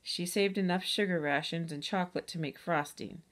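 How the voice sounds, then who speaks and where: A cheerful, playful young girl from a children's storybook, voiced lightly by a woman reading aloud. She speaks eagerly and likes to joke, in a slightly low voice. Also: normal speed, close to an everyday voice.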